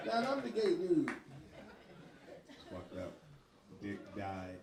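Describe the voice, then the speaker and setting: Animated stand-up comedian in a bar. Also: male voice, very high-pitched, moderate pace, long pauses. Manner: animated, profane, laughs through his lines. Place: bar stage. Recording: echoey bar with crowd laughter.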